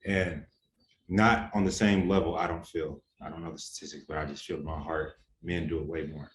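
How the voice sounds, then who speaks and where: Deep-voiced man, earnest and heated. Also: fairly even intonation, a little fast, a little hiss or hum. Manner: earnest, heated, casual slang. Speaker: interview guest. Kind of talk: candid interview answers. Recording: roomy echo, faint ambience.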